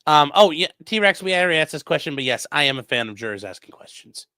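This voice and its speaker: Lively bright-voiced man streaming. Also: a little high, quick pace, no room sound, studio quality. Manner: loose, profane, conversational. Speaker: defense attorney streamer. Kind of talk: casual livestream commentary reading chat.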